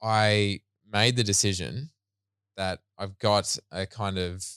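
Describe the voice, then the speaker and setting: A man with a very deep, resonant voice chats casually as a podcast co-host. He tells stories at an easy pace. His voice sounds dry and close to the mic. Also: takes it slowly, clear, resonant tone, no room sound. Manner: relaxed storyteller, acts out quoted voices. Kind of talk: casual chat.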